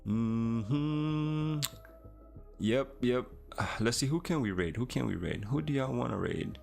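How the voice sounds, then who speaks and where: A man's voice: mid-range voice, expressive, slow pace, creaky, a little mellow. Male stream host, laid-back, thinks aloud with chat; faint music in the mix. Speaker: livestream host, programmer. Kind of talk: casual livestream chat.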